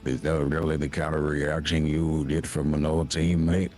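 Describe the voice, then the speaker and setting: A man voicing a grandiose, menacing male villain in a tabletop role-play game, with a gravelly, husky voice. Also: rumbling low, little pitch movement, darkish tone, soft background music. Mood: mocking. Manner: slow grandiose villain monologue.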